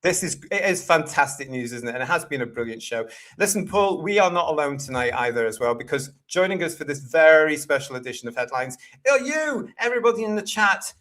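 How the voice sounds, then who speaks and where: A man's voice: on the high side, lively intonation, a little fast, hardly any pauses, a bit bright. A British man hosting a live-streamed fan show, upbeat and reading out chat messages. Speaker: host.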